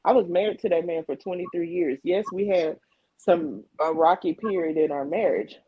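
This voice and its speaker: A woman's voice: fairly low pitch, moderate pace, breathy edge, no room sound, lo-fi sound. A middle-aged woman co-hosting a livestream in candid conversation, emphatic and repeating phrases to drive her point home. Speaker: livestream co-host. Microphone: video call mic.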